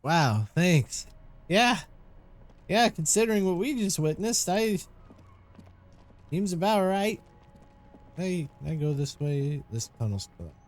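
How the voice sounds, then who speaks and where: Chatty guy doing a let's play, voice jumps all over, kinda high. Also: very animated, slow, pauses often. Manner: chatty, joking, reads game text aloud. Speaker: gameplay commentator. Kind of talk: casual let's-play commentary.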